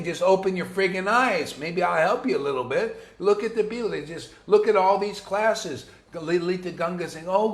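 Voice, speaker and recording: A male spiritual teacher with a high-pitched voice gives his students an informal devotional sermon, blunt and combative, packed with slang and restarts. The room is echoey.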